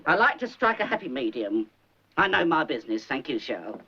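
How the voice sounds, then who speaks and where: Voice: very animated, fairly quick. A nagging old psychic mother. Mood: fussing. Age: older. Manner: fussy, gossipy, rambling, theatrical swoops in pitch. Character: nagging, overbearing elderly mother posing as a psychic. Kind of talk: 1970s film comedy acting. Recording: dull old film soundtrack with faint hiss.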